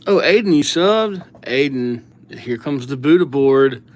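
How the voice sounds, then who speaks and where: A young man, speaking at an unhurried pace with an ordinary mid pitch. He chats casually while he writes names on a livestream, joking and giving out nicknames. His voice sometimes drops to a mutter as he leans toward his writing. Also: lively intonation, darkish tone. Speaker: livestream calligraphy host.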